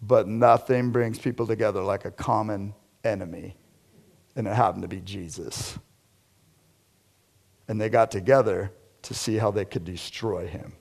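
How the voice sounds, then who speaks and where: A man preaching a conversational sermon to a small group, shifting from loud emphatic lines to quiet low asides. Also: steady tone, normal speed, vocal fry. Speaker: pastor. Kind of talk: interactive sermon.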